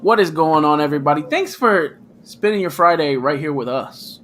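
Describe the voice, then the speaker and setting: A man's voice: fairly high pitch, moderate pace. Hyped-up man hosting a livestream. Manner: hyped, animated, slangy. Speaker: host. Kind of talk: casual livestream chat.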